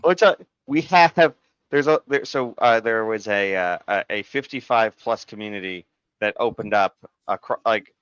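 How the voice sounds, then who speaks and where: A man's voice: lowish voice, moderate pace, clean tone, no room sound. Arizona guy rambling thru a story on a podcast, kinda dull lo-fi mic. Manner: rambling storyteller, animated when quoting people. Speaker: podcast co-host. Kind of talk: casual chat.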